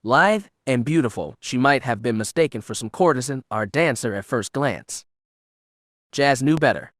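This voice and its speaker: Male audiobook narrator, mid-pitched, measured, dry close mic. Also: lively intonation, dry recording. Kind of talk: scripted narration.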